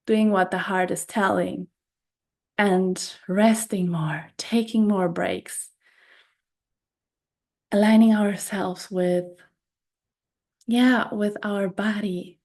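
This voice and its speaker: Woman, spiritual podcast host, unhurried reflective monologue, level delivery. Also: mid-range voice. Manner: soft, unhurried, repeats words and phrases.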